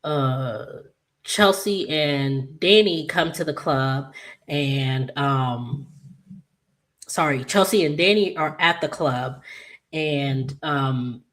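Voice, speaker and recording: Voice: medium pitch, slow, fairly bright tone. A channel host casually recapping a soap opera episode, rambling with many "um"s and "she was just like," and quoting the characters as they go. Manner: retells scenes by quoting characters in their voices.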